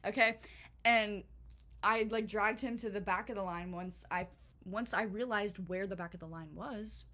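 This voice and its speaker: A young woman telling a storytime vlog in a chatty, animated way, full of swearing and filler words. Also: mid-range voice, moderate pace. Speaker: vlogger.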